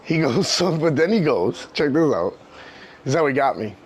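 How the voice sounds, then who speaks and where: Speaking candidly about his life, a New York professional wrestler in his thirties gets emotional, wanders, returns to points and keeps saying "you know what I mean." His slightly high, sing-song voice sits a bit above typical male range, moving at a moderate pace over slight background noise.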